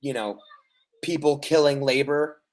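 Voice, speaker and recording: Podcast co-host, mid-pitched voice, rambling and stumbling. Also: fairly even intonation, measured pace. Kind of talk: casual chat.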